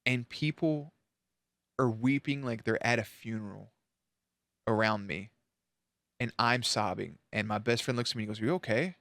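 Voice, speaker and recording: A man's voice: lowish voice, moderate pace, vocal fry, pauses often, fairly bright tone, no room sound, clean studio sound. A man hosting a reaction channel, telling a story to camera in a candid, emotional way with casual swearing.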